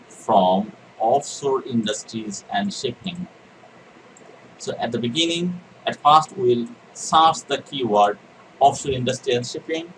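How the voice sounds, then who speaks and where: A man's voice: medium pitch, distant mic, a little hiss or hum, poor audio. A man teaching an exam reading lecture, repeating key words and answering his own questions. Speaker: IELTS teacher. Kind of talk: recorded exam-prep lecture.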